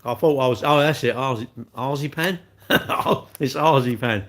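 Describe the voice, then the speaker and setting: A man's voice: mid-range voice, moderate pace, fairly bright tone. A man, chatting cheekily and rambling to his livestream viewers while eating cake with his mouth full.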